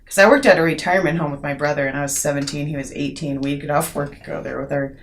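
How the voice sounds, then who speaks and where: A middle-aged woman with a somewhat low voice co-hosts a casual podcast. She rambles through long stories and swears freely. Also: steady tone, fast. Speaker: podcast co-host. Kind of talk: casual chat.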